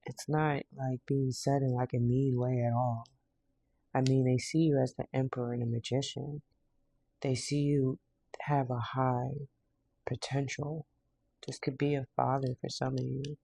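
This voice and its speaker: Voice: mid-range voice, little pitch movement, unhurried, creaky, dark tone, no echo. A tarot card reader in a casual reading, blunt and slangy, laughing now and then. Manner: laughs often.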